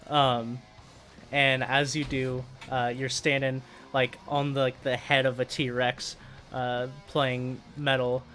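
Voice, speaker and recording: A man running a tabletop game, narrating the scene in an unhurried, stop-and-start way. His voice sits at an ordinary middle pitch. Faint music plays behind him. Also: little pitch movement, fairly bright tone. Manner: halting, full of fillers. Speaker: game master.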